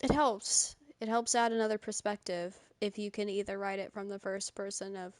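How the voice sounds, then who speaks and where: A woman's voice: mid-range voice, fairly even intonation, normal speed, no room sound. A young woman streamer chatting casually with her live chat, often laughing. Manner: chatty, giggly, talks to chat.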